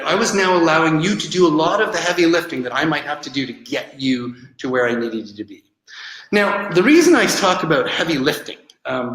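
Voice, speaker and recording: A man's voice: a little high, fairly bright tone. Echoey man coaching with many ums. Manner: conversational, filler-heavy, explaining with examples. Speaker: presentation coach. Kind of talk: online coaching seminar.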